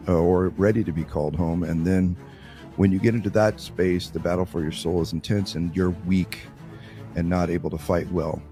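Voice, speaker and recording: A man with a very low, mellow voice speaks earnestly and hammers home his points. Faint music sits under the talk. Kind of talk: conversational talk on spiritual warfare.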